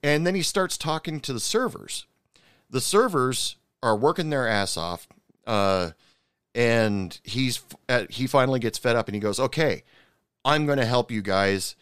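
A man tells a story in a loose, rambling way, stopping often to restart his sentences. He slips in indignant asides as he goes. His voice is smooth and clear, recorded dry and close. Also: medium pitch, animated, normal speed, fairly bright tone, dry recording. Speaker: commentator recounting a TV episode. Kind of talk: casual storytelling commentary.

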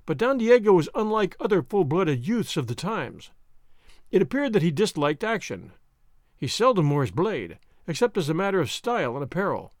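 Audiobook narrator, man, high lively voice, close dry recording. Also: normal speed, no room sound. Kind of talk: audiobook reading.

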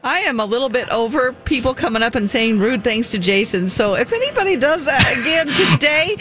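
Sleepy loopy woman, high voice, blunt and drawly. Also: big pitch swings, fairly quick. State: tired and loopy. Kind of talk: casual chat.

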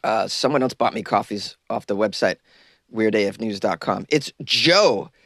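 In a casual solo podcast recorded in a small closet, a man with a lowish, fairly bright voice talks at a moderate pace. He rambles loosely and pokes fun at himself, and the studio-quality recording has no room sound.

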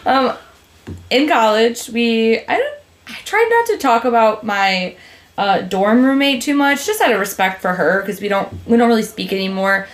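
A young woman hosting a podcast in casual chat, telling animated stories with swearing and frequent laughter. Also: fairly high pitch, normal speed. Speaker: podcast host.

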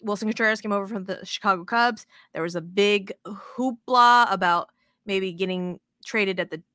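A woman hosting a podcast in casual chat, excitable and rambling, with the odd swear. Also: mid-range voice, moderate pace, dry recording, clean studio sound. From moved to Texas as an adult. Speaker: podcast host.

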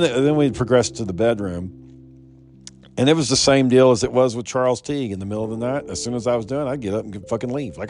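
Low-voiced man telling a profane story. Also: darkish tone. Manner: profane, rambling, many restarts. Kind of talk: casual personal anecdote.

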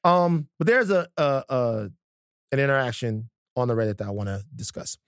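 A man co-hosting a podcast, speaking in an everyday stop-start way and restarting his sentences often. His voice sits at a middle pitch for a man. The sound is dry and close, with almost no room echo. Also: expressive, moderate pace. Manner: conversational, stop-start with many fillers and restarts. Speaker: podcast co-host. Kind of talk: casual podcast chat.

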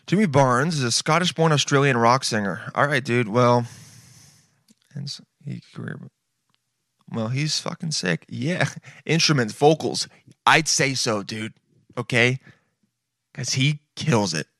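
A man's voice: medium pitch, expressive, unhurried, vocal fry, long pauses, fairly bright tone, no echo, studio quality. A man in his late twenties giving casual reaction commentary, swearing often and saying "dude" all the time. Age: late 20s. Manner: laid-back, swears often, says "dude" constantly. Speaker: video reactor. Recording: music playing behind the voice.

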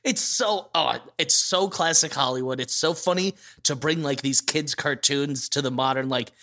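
A man co-hosting a podcast in casual chat, excitable and giggly, often acting out quotes. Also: fairly high pitch, normal speed. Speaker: podcast co-host.

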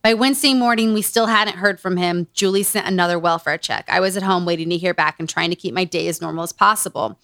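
A woman's voice: on the low side, quick pace, few pauses, fairly bright tone, dry recording, clean studio sound. A woman hosting a casual book-review podcast, reading passages aloud and breaking in with sarcastic asides. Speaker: podcast host.

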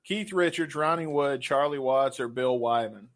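A man co-hosting a casual chat, reading trivia questions and joking crudely with lots of swearing. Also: medium pitch. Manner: crude, loud and jokey, with profanity; reads trivia questions out slowly. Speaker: podcast co-host.

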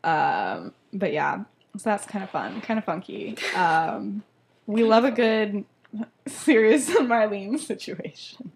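A woman's voice: medium pitch, animated, slow, vocal fry, a little hiss or hum. A woman co-hosting a podcast, retelling a story in casual chat, often laughing and saying "like" and "um". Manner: giggly, lots of "like" and "um". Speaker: podcast co-host.

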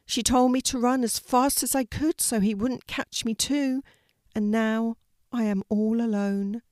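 A woman voices a tiny young male puppy in a children's storybook, lost and sad. The voice is small and timid and sits a little higher than her own. The recording is dry. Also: steady tone, measured pace, a little mellow, no echo, close to an everyday voice.

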